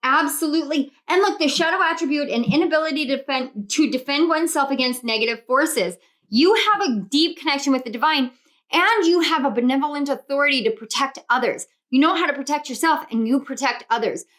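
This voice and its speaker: A woman's voice: sits high, a little fast. A young woman doing a pick-a-card tarot reading, gushing and exclamatory as she speaks to her viewers. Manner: gushing, excitable, spiritual, exclamatory. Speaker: tarot reader.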